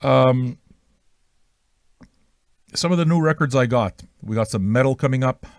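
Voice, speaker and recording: Man, radio host, crude self-mocking banter, mid pitch, dry mic. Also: a little slow, no echo. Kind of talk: profane, rambling livestream banter.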